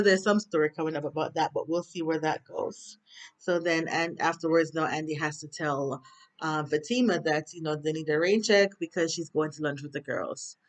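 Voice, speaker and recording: A woman with a Jamaican accent chatting through a TV episode recap, rambling with lots of fillers. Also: low voice. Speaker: TV recap vlogger.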